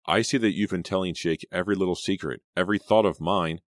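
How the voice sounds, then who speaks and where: A man voicing a frightened, quick-tempered teenage girl in an audiobook, his voice raised and emphatic. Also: no echo, clean studio sound, natural voice. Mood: earnest. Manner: raised pitch, emphatic outbursts.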